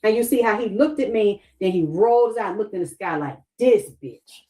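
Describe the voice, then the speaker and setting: A woman's voice: medium pitch, quick pace, dark tone, low-quality recording. A middle-aged woman talking straight to her viewers in a heated, profane livestream rant, acting out what others said to her.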